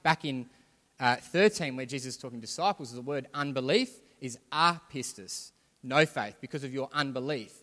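Male pastor, conversational sermon that swells to emphasis, a touch high, long hall reverb. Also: fairly bright tone. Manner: conversational preaching, rising to emphatic. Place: church hall.

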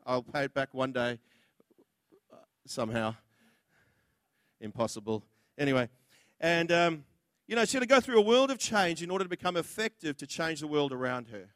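A man's voice: on the high side, a bit bright, smooth, no echo, studio quality. A man preaching a sermon, blunt and impassioned, acting out the words of others as he goes.

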